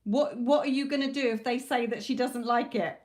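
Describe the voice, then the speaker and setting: A woman's voice: fairly high pitch, fairly even intonation, normal speed. A British woman doing a live psychic tarot reading, talking straight to a viewer with blunt, motherly advice and a repeated "okay?". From Britain.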